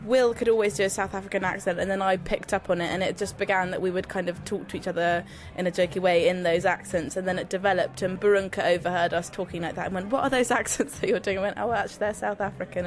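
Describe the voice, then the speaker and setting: A woman's voice: fairly low pitch, a little hiss or hum. A nineteen-year-old woman comedy performer, bubbly, explaining how a sketch came about.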